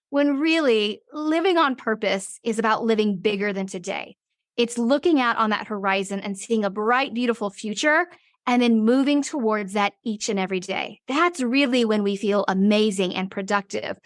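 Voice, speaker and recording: Woman, forties, interview guest, business owner, higher voice, vivid storyteller. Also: no echo, studio quality.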